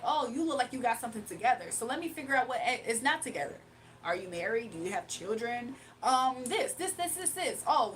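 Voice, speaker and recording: A woman's voice: a little high, fairly bright tone, slight background noise, rough recording. A woman hosting a livestream with a faint foreign accent, talking back to her chat in a sassy, casual way. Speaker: livestream host.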